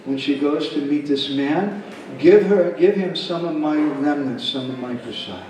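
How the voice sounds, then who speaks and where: Gentle revered guru, put on by a storyteller, higher and soft, heard from afar. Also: male voice, a little slow, very echoey, distant mic, close to an everyday voice, rough recording. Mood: gentle, pleased. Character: kindly revered male guru, gently questioning.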